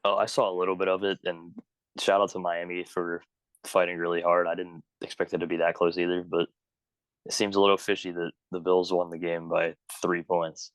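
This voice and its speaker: A man's voice: low-pitched, monotone, fairly quick, dry recording, rough recording. A young man co-hosting a casual sports podcast, tossing in short, wry quips. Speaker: podcast co-host.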